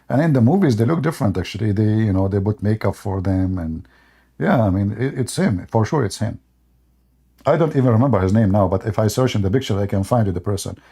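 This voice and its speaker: Husky, mellow-voiced man telling a story. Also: lowish voice. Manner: animated, laughs often, acts out quotes. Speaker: livestream host. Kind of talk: casual storytelling on a livestream.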